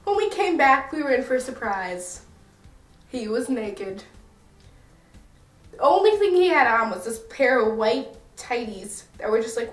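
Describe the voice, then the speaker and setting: A woman's voice: a little high, far from the mic. A young American woman vlogging in a casual, rambling and self-mocking way. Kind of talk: casual chatty review. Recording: echoey room, a bit off-mic.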